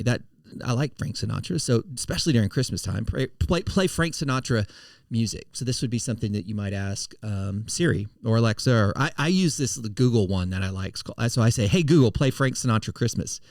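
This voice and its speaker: Middle-aged male podcast host, casual and conversational, rambling with restarts, mid pitch, dry close sound. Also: darkish tone, dry recording. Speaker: podcast host and financial firm CEO.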